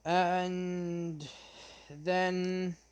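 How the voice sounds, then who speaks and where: A young man retelling his fan story off the cuff, halting often with fillers and restarts. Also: high-pitched, little pitch movement, clear, resonant tone.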